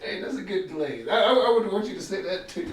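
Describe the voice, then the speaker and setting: A man reacting to clips in relaxed, amused chat, his pitch bouncing up and down. He sounds set back from the microphone in an echoey room with faint background noise. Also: normal speed. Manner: laid-back, amused, chatty. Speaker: reaction video co-host. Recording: roomy, distant mic with faint noise.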